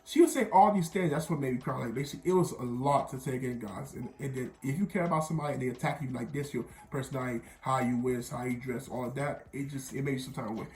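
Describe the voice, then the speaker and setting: A man's voice: medium pitch, quick pace, hardly any pauses, darkish tone, reverberant. A young man from Miami telling a rambling storytime vlog, often repeating himself and quoting others. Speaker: vlogger.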